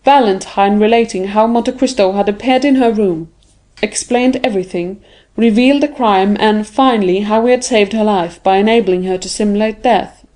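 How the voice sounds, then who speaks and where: A woman reads a classic novel aloud in a steady, measured narration. Her voice is mellow and soft-toned, with middling pitch. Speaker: audiobook narrator. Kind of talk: scripted narration.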